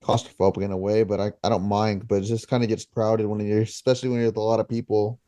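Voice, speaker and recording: A man's voice: fairly low pitch, level tone, fast talker, warm tone, no room sound. A man co-hosting a podcast in casual chat, easygoing and teasing. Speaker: podcast co-host.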